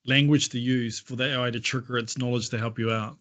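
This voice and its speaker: A man co-hosts an online talk in a relaxed, conversational way. He speaks hesitantly, often restarting words and filling pauses with ums as he shares his experiences. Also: mid-range voice. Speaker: webinar co-host. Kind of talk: casual conversation.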